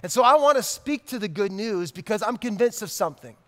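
High-voiced male pastor in a reverberant hall. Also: expressive, fairly quick. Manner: conversational, repeats key lines for emphasis. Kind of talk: sermon.

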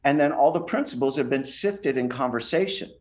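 A man's voice: mid-range voice, expressive, brisk, dull audio. A man who is a pastor, speaking emphatically and preacherly as a guest on a podcast over a video call. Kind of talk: podcast interview.

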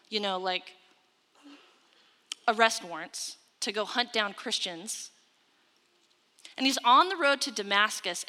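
A woman's voice: on the high side, sharp tone. A woman preaching a sermon, retelling scripture with emphatic storytelling and quoted asides. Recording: long hall reverb.

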